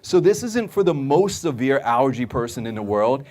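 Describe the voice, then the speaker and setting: A man's voice: medium pitch, very animated, normal speed, darkish tone. A man giving a live sales talk to an audience about supplements, emphatic and repetitive, often checking in with "okay?" and acting out customers' reactions in his stories. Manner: emphatic, repeats points, keeps asking "okay?"; acts out customers' voices in anecdotes. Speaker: supplement store speaker.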